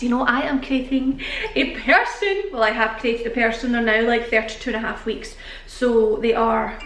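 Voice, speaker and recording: British woman, young, out of breath, chatty, fairly high voice, echoey room. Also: a bit bright, a little hiss or hum. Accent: British English. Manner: chatty, rambling, laughing often. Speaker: vlogger. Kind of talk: casual chat to camera.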